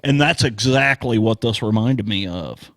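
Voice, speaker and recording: A man co-hosting a casual podcast, talking slowly and emphatically, swearing often and sounding worked up. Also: lowish voice, a bit bright, no room sound. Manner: slow, emphatic, profane, worked up. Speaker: podcast co-host.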